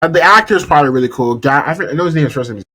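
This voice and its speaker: Young man, podcast host, husky voice, lively swooping pitch, exasperated casual rant, swears. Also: racing, rough recording. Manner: animated, exasperated, swears freely. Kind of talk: casual rant about a TV show.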